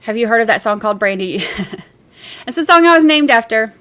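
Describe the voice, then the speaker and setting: A woman's voice: on the high side, expressive, a little fast, a bit bright. A woman hosting a casual livestream, reading viewer messages aloud and chatting in a rambling, easygoing way with easy laughs.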